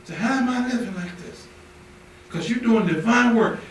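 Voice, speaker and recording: A man's voice: very high voice, normal speed. A man preaching a fervent, repetitive sermon in a temple hall, driving his points home with rising emphasis. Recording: echoey hall, distant mic, noisy.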